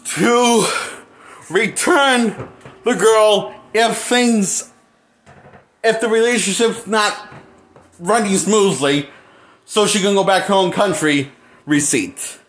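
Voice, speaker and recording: A man giving a casual movie review, incredulous and animated, often repeating himself and laughing nervously. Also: high-pitched. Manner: repeats himself, halting restarts. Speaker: movie critic.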